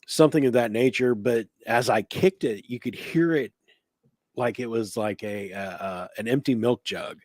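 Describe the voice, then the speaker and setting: A man's voice: mid-range voice, a little mellow, dry recording. Rambling man in a dry room. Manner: rambling, halting with restarts. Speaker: paranormal investigator co-host. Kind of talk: casual chat. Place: home studio, live stream.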